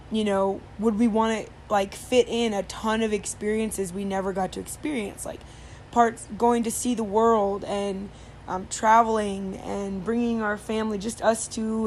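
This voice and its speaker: Speaking in the middle of her range with a mid-range voice, a woman hosting a podcast rambles through a casual story full of fillers and restarts. The talk stays loose and chatty, with a faint noise underneath.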